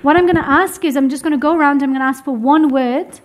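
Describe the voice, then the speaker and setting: A young adult woman teaching womb health to a live group, lively and encouraging, laughing often. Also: high voice, quick pace. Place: room with a seated group.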